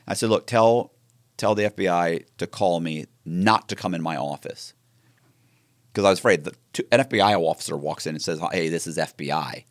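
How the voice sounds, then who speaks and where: A man telling his story in an interview, animated and acting out the dialogue with frequent restarts. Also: sits low, a little fast, no echo, clean studio sound. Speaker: interview guest.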